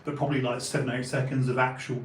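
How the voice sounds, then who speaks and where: A man in his forties with an Essex and London accent, hosting and telling a long anecdote in casual chat, animated, swearing freely and acting out the people in his story. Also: medium pitch, fast talker, echoey room, slight background noise, poor audio. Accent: Essex and London English. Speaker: podcast host.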